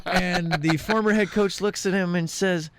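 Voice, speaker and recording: He's a radio co-host in the studio with a high-pitched, steady voice at a normal pace, casually rambling through stories and acting out lines from others while clearing his throat. The recording is very noisy.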